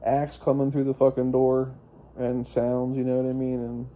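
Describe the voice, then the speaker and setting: A young male vlogger with a very dark, mellow voice meanders through a personal story at a moderate pace. His pitch is mid-range for a man and his delivery monotone, and he curses freely, restarting sentences and using plenty of fillers.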